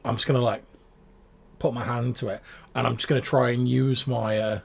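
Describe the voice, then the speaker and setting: A man's voice: mid-range voice, flat delivery, brisk, vocal fry, slightly rough. A man playing a tabletop role-playing game, describing his character's actions in casual talk. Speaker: player.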